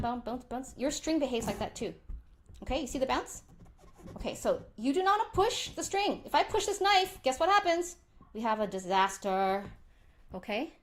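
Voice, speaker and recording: A woman teaching a violin workshop, talking through bow technique in an animated way and singing out the strokes she demonstrates. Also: on the high side, slight background noise. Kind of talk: live online workshop lesson.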